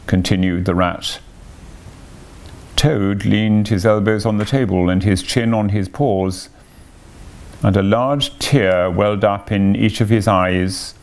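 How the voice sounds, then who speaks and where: A man reading a classic novel aloud with expressive, animated storytelling. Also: on the low side, unhurried. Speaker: reader.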